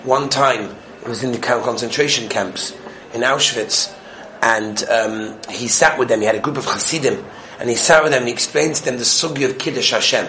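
A man giving a Torah lesson on the weekly portion, telling stories animatedly and moving between loud excitement and hushed tones. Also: mid-range voice, normal speed, slight background noise. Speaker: Torah teacher.

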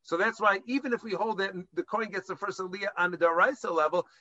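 High, bright-voiced man teaching Jewish law. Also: quick pace, dry recording, muffled recording. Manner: explanatory, mixes Hebrew and Aramaic terms with English; hesitant restarts while explaining. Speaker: rabbinic lecturer. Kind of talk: halacha lesson to a class.

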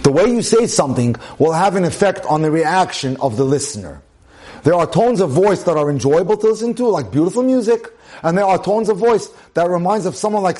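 A man's voice: fairly high pitch, darkish tone. A man giving a sermon-style talk on marriage, emphatic and full of rhetorical questions. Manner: emphatic, repeats phrases, asks rhetorical questions.

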